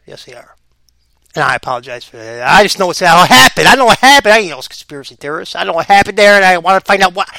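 A man giving casual, rambling reaction commentary as a vlogger, excitable and quick to laugh. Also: high-pitched, vocal fry, no room sound, poor audio.

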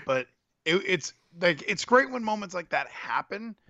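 A candid, sentimental man chatting casually and rambling through his thoughts. His voice is bright and sits a bit high, with a dry, close sound. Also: big pitch swings, normal speed, dry recording, dull audio. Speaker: podcast co-host. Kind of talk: casual wrestling chat.

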